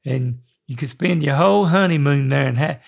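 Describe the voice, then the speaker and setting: Older man, high-pitched, gravelly, folksy rambling podcast chat. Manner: rambling, folksy, halting restarts. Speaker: podcast co-host.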